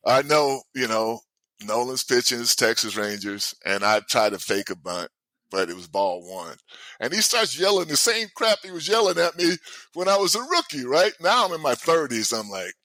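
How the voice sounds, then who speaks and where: Lively older man with a bright voice. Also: mid-range voice, moderate pace, dry recording. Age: 60s. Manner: animated, laughs often while telling stories. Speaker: guest, former baseball player. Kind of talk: storytelling in casual chat.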